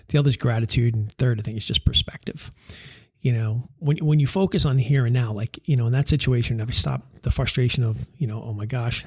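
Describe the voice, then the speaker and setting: Guy in his 30s rambling thru a podcast story, lots of ums, kinda husky, dry sound. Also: mid-range voice, a little mellow, dry recording. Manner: rambling with many fillers and restarts, laughing through funny parts. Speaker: podcast host and life coach. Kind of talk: casual storytelling monologue.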